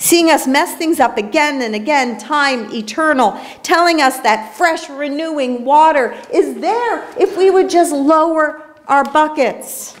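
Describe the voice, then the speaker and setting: A woman's voice: high voice, measured pace, hardly any pauses. A woman pastor giving an earnest, reflective sermon in a small church, telling a story along the way.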